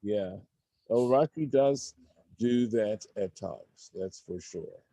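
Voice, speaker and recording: A man leads a Torah study, reading Hebrew aloud and translating it into English as he thinks things through, stopping and restarting. His fairly low voice is warm, with no audible room sound.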